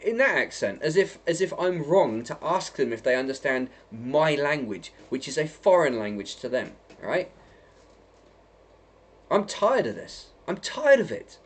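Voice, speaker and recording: A man's voice: medium pitch, big pitch swings, unhurried, breathy edge. A man from England delivering an emphatic vlog monologue, repeating himself and tagging lines with "right?" and "okay?". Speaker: video blogger.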